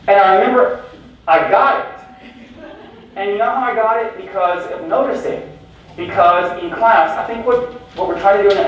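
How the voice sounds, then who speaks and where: A man's voice: sits high, slight background noise. A man giving a conference keynote as stories, joking and quizzing the audience with questions. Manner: animated, jokey, addresses audience with questions. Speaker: keynote speaker. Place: large lecture hall. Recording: very echoey hall from far off.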